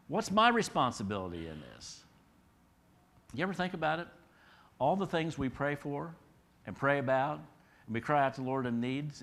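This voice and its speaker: A middle-aged male pastor delivering an expository sermon at a mid-range pitch. His preaching is conversational, with rhetorical questions put to the congregation. His delivery rises to emphatic peaks and then drops low and quiet.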